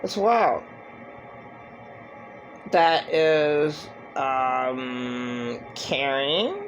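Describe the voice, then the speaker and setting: A man giving a halting, rambling personal monologue with many fillers and restarts. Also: medium pitch, expressive, a bit bright, muffled recording, faint music behind. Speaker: vlogger.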